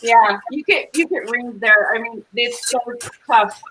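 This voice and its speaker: A woman hosts a cooking show in a casual, chatty way, full of quick asides. Her voice sits high and sounds bright and forceful. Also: a little hiss or hum, poor audio. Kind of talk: casual chat.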